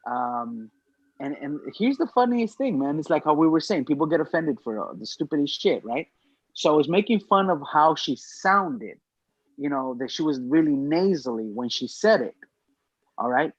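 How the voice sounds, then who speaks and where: A man on a podcast telling an animated, profane story in casual chat. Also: a little high, normal speed, no room sound. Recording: dry, slightly muffled lo-fi mic.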